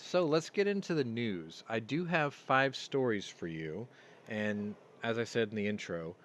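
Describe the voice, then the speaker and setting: Casting note: lowish male host, rambling chatty storyteller, faint noise behind. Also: measured pace. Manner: rambling storyteller, gets loud and excited. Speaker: podcast host. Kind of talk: casual live-stream chat. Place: home room. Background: yard work outside.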